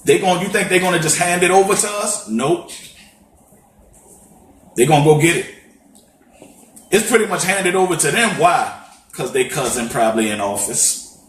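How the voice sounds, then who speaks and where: A high-voiced man delivers an impassioned podcast monologue, driving his points home with repeated rhetorical questions. The room around him is echoey, and a faint hiss sits under the voice. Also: expressive, moderate pace, pauses often. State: fighting back tears. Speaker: podcast co-host. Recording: roomy echo.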